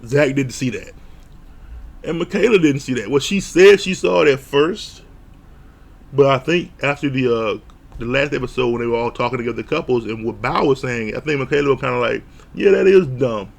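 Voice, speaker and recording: A man with a medium-pitched, creaky voice talks fairly quickly as a show reviewer. His recap of a reality show is blunt, profane, and casual, and he retells scenes using mock quotes.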